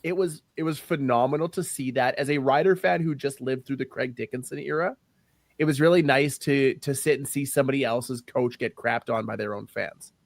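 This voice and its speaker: A man talking football on a podcast in an easy, conversational way. He is opinionated and sometimes pauses to hunt for the right word. His voice sits in a middle register and sounds close and dry. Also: medium pitch, gravelly, no echo. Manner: conversational, searches for words, opinionated. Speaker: podcast co-host. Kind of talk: casual sports chat.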